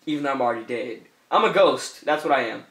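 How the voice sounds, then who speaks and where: A man's voice: medium pitch, expressive, fast, fairly bright tone, roomy sound. A man giving playful let's-play commentary, teasing the other players and often breaking into laughter with goofy repeated calls. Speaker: gameplay commentator.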